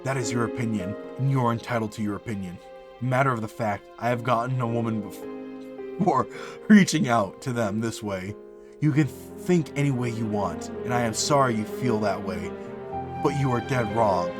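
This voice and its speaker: A man reading out another man's defensive reply in a lower, indignant voice. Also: moderate pace, over music, natural voice.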